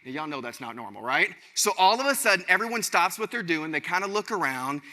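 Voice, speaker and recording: A man giving an energetic keynote speech on a conference stage, talking straight to his audience. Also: a little high, quick pace. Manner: animated, addresses audience directly as y'all. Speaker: keynote speaker. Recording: large hall reverb.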